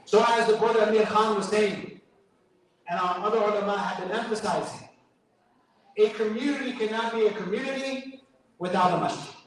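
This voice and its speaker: A man with a New York accent giving a sermon at a mosque fundraiser, chatty and joking, with Arabic quotations. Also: high voice. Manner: conversational preaching with joking asides and Arabic quotations. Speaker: guest speaker at a mosque fundraiser. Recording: echoey hall from far off.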